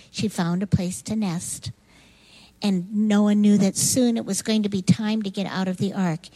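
Animated woman telling a Bible story. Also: a little high, poor audio. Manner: animated, repetitive storytelling emphasis. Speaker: children's Bible teacher.

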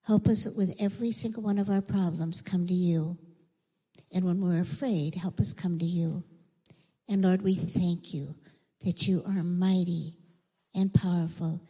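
Brief: woman teacher, children's Bible story, slow and animated, echoey church hall. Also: on the low side, breathy edge. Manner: animated storytelling, acting out voices and whispering for effect.

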